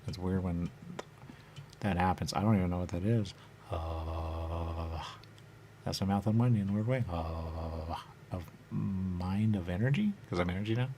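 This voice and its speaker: A man talking in a rambling, trance-like monologue, halting and repeating the same phrases over and over. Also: low voice, mellow, a little hiss or hum. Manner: repetitive, halting, circles back on phrases.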